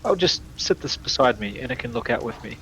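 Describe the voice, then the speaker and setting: Young male player, gravelly voice, unsure questions, faint noise. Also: medium pitch, lively intonation, brisk, a bit bright, low-quality recording. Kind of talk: casual tabletop play.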